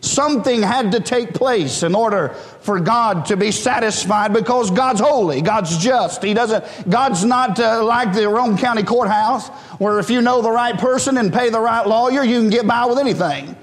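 A male pastor delivers a fervent sermon in a high, ringing voice. He calls out to the congregation and builds toward passionate peaks. His voice carries a long reverb through the church hall. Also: moderate pace, hardly any pauses. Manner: fervent, preaching in a rising call-and-response style. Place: church sanctuary.

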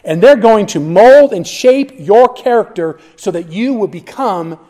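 High-voiced man preaching emphatically. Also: measured pace. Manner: animated, emphatic preaching with many restarts. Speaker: pastor. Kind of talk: expository sermon.

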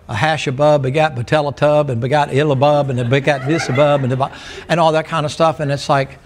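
Slightly high and fairly bright in tone, this man's voice carries a folksy, joking sermon in church. He tells stories and pokes fun at his congregation.

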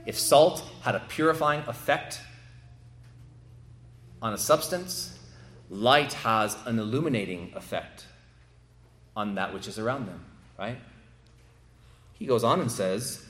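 A man preaching an expository sermon, building to emphatic swells and slowing down to stress key phrases. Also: medium pitch, fairly bright tone. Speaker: pastor. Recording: echoey room.

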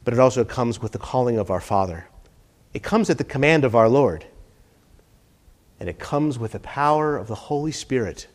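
A man's voice: mid-range voice, expressive, moderate pace, long pauses. Emphatic man preaching a sermon. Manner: swings from hushed to emphatic, repeats key phrases.

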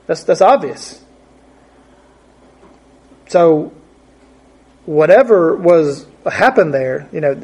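Man, preacher, husky voice, a bit high-pitched, halting and repetitive, casual Bible teaching. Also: a little mellow. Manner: halting, thinks aloud, repeats words.

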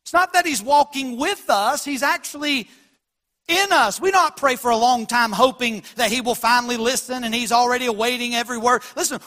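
A man preaching a sermon as pastor, swinging from quiet lows to loud emphatic peaks. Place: church sanctuary.

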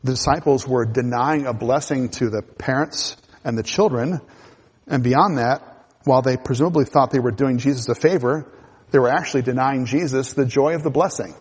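A man's voice: medium pitch, moderate pace, husky. A man preaching a sermon in a conversational way, with asides and restarts. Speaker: pastor. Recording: hall reverb.

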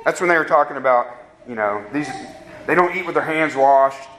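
A man with a notably high voice delivers an earnest sermon, pressing his listeners with question after question. His words ring out in a roomy, echoing space. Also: lively intonation, normal speed, fairly bright tone, a little hiss or hum. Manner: earnest preaching with rhetorical questions to the congregation. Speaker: pastor. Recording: roomy echo.

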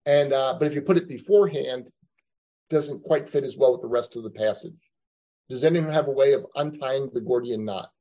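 A man's voice: medium pitch, a little fast, mellow, rough recording. A man teaching a Bible class, lecturing conversationally and thinking aloud with frequent asides to his students.

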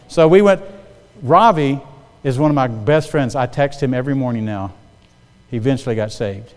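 A man's voice: mid-range voice, moderate pace. A middle-aged male pastor preaching a sermon, telling stories and calling for amens from the congregation. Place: church sanctuary. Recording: long hall reverb.

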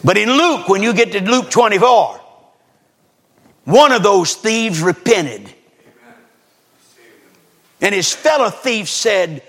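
Revival preacher, male, husky and somewhat high-pitched, fiery, asks the crowd question after question. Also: lively intonation, slow, long pauses. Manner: fiery, swings from loud exhortation to hushed scripture reading. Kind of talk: sermon.

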